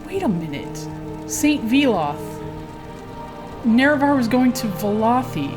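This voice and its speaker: A fairly high-pitched woman streams a game in an easy, drawn-out way, musing to herself and her viewers. She bursts into startled shrieks when enemies close in. Game music plays clearly behind her. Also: very animated. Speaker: gaming streamer. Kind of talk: casual let's-play commentary.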